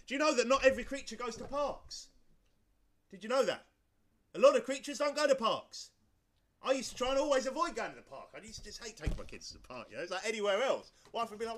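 A man's voice: very high voice, animated, fairly quick, fairly bright tone. A male pastor preaching a sermon, emphatic and driving, who repeats his points and fires off rhetorical questions.

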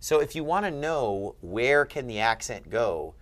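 A man's voice: medium pitch, very animated, measured pace, a bit bright. A man tutoring a student in Greek grammar, patient and asking leading questions. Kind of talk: one-on-one grammar lesson.

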